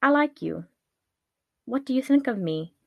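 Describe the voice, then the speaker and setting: A woman puts on the voice of an odd, scaly half-man half-fish creature of a lake, creepy and pushy, slipping between menace and flirting. The voice is slow and drawn out, and the recording is dry and close. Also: sits high, lively intonation, creaky, dry recording, lo-fi sound, pitched above the performer's own voice, full character voice. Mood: creepy flirty.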